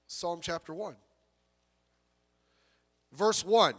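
Male pastor, high voice, preaching with emphasis, long church reverb. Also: expressive, normal speed, fairly bright tone. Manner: emphatic preaching, voice rising and falling, repeats words. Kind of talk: sermon. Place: church hall.

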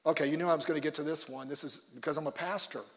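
A male pastor preaching a conversational sermon with joking asides, swinging between loud emphasis and quiet low remarks. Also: fairly even intonation, racing, long reverb tail.

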